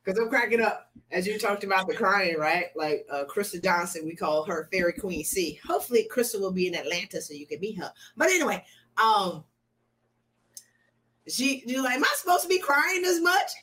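A woman's voice: fairly low pitch, animated, normal speed, fairly bright tone, a little hiss or hum. A woman coach hosting an interview, speaking earnestly and repeating key lines for emphasis in a motivational way. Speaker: coach and host.

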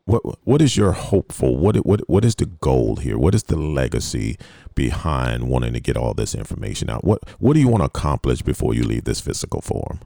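A very deep-voiced man hosts a casual interview, his gravelly tone relaxed and conversational. He often repeats words as he works out a question. The recording is dry and close. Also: fairly quick, no room sound. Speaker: podcast host.

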